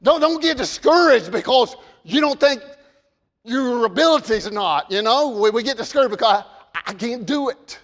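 A man preaching a sermon, stammering on repeated words and swinging between loud emphasis and quiet asides. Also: very high-pitched, animated, normal speed, big-room sound.

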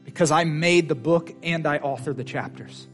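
A man preacher voicing Jesus as a gentle, imploring male voice, quoted in a church sermon. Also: on the high side, normal speed, soft background music, natural voice. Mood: pleading tender. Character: Jesus, tender pleading male divine voice.

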